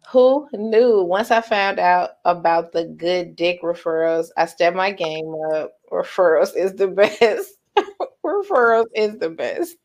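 A woman's voice: lowish voice, lively intonation, slow pace. Laughing, profane woman in casual chat. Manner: loose, profane, laughs often. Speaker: podcast co-host.

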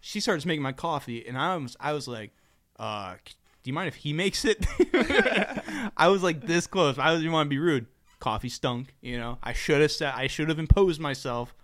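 A man's voice: on the high side, lively intonation, moderate pace, fairly bright tone, dry recording. A young man in casual, joking podcast chat, swearing and laughing a lot.

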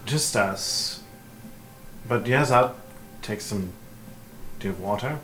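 A man's voice: on the low side, slow pace, a bit bright. Easygoing guy playing a tabletop game, roomy echo, faint hiss. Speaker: player. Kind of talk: in-character tabletop game chat.

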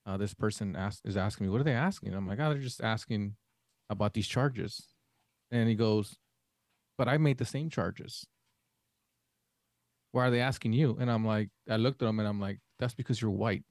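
In a clean studio recording with no room sound, a podcast co-host from a Mexican family speaks in a lowish, slightly mellow voice at a moderate pace, with long pauses. He tells a long, rambling story casually, performing the quoted dialogue.

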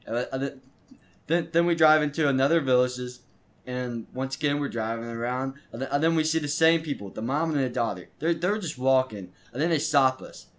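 A teenage boy hosts his own podcast and talks straight through a story from his life. His voice sits at an ordinary middle pitch, and the telling is loose and unpolished, full of false starts, stumbles and repeated words. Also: fairly quick. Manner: rambling, frequent restarts and stumbling repeats. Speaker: podcast host. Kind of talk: casual storytelling monologue.

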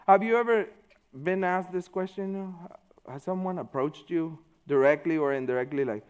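A man giving a conversational sermon, informal and full of "you know", swinging between loud stretches and hushed ones. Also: a little high, normal speed. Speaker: preacher.

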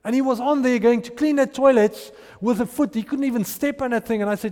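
A man's voice: very high-pitched, quick pace, few pauses, warm tone, in a large hall. A man preaching a sermon and acting out the people in his stories. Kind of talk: sermon with storytelling.

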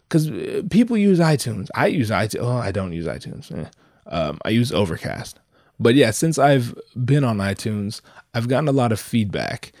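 With a fairly low, dark-toned voice, a young solo podcaster meanders casually, swearing and ribbing himself while sounding a bit nasal from illness. The audio comes from headphones and a microphone, dry and studio quality.

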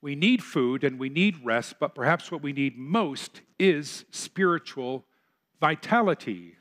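A man's voice: on the high side, animated, unhurried, fairly bright tone. A man pastor preaching a sermon in a church, earnest and full of rhetorical questions. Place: church sanctuary.

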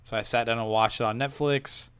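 A man's voice: mid-range voice, fairly even intonation, a little fast, a bit bright, smooth. A man co-hosting a casual film podcast, laid-back and rambling, chuckling between thoughts. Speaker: podcast co-host.

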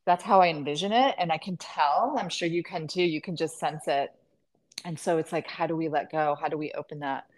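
A woman with a somewhat low voice hosts a casual podcast conversation. She is enthusiastic and gushing, with lots of filler words and warm agreement. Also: brisk. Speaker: podcast host, matchmaker.

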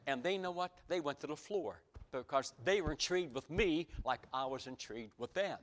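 A man's voice: mid-range voice, expressive, brisk, hardly any pauses, fairly bright tone. A middle-aged man, preaching a sermon with folksy stories that climb to emphatic peaks.

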